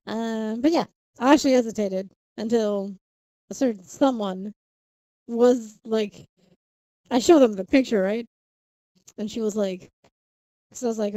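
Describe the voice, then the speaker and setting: Young female streamer, casual and rambling with frequent giggles, slightly high and soft-toned voice. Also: no echo. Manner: rambling, self-interrupting, giggly. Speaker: livestreamer. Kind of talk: casual live stream chat.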